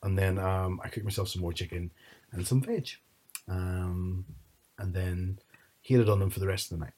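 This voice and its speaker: A husky, fairly low-voiced man. He chats casually and rambles through family stories, acting out what his relatives said. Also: steady tone, measured pace, long pauses, a little mellow. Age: 30s. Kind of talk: casual chat.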